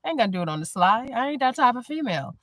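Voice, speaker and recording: A woman chatting casually on a live stream, blunt and animated, often breaking into laughter. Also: on the high side, racing, no room sound. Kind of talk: casual chat.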